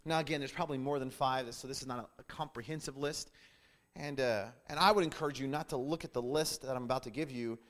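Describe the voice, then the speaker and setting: A man's voice: medium pitch, fast talker. A man teaching a sermon-style Bible lesson, emphatic and repetitive, often restarting phrases.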